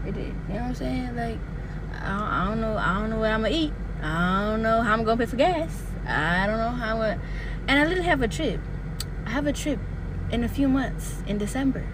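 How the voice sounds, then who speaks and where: A woman's voice: on the high side, animated, a little fast, noisy background. A woman student talking casually in a rambling, wry, slangy way. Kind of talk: casual ranting monologue.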